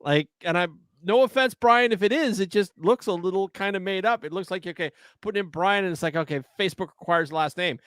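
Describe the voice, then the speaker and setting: A middle-aged man with a slightly high voice co-hosts a casual live show. He teases in a dry, wry tone, and the sound is close and dead with no room echo. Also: fairly quick, few pauses, fairly bright tone, smooth. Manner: dry teasing, wry storytelling. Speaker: co-host of a live paintball show. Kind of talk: casual live-stream banter.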